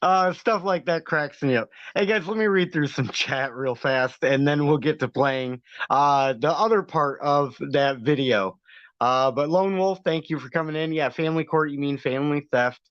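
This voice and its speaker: A man's voice: on the high side, moderate pace, fairly bright tone, no echo. Sarcastic man on a dull dry livestream. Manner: sarcastic, argumentative, laughs often. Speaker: livestream host. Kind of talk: casual livestream commentary.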